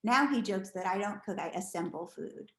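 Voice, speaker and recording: A middle-aged woman telling stories as a podcast guest, animated and chatty with lots of restarts. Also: medium pitch, moderate pace. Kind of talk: casual storytelling interview. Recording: echoey room.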